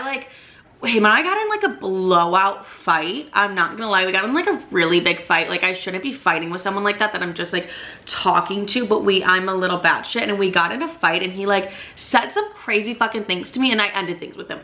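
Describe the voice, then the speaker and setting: A young woman vlogging a casual storytime, animated and full of "like" and swearing. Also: mid-range voice. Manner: swears a lot, animated, fills with "like".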